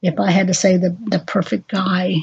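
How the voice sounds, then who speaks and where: An older woman recounting family memories into a home recorder, speaking haltingly with frequent pauses and fillers. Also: on the low side, little pitch movement, vocal fry, a little mellow, breathy edge. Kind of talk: unscripted personal memoir. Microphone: handheld voice recorder. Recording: dull lo-fi home recorder audio.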